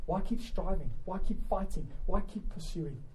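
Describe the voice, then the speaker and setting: A man's voice: high-pitched, expressive, normal speed, dark tone, rough recording. A young man preaching a sermon, impassioned and emphatic, driving his points home with rhetorical questions. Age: young adult.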